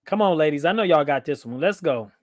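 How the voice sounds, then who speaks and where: A man's voice: a little high, animated, fast talker, dry recording, clean studio sound. Playful man hosting a livestream. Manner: playful, reads viewer comments aloud, laughs often. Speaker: livestream host. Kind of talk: casual livestream chat.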